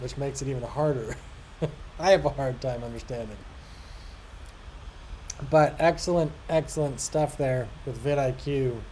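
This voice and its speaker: A man's voice: medium pitch, mellow, slight background noise, rough recording. A man hosting a livestream, casually chatting and reading out viewer comments, self-deprecating and laughing often. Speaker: livestream host.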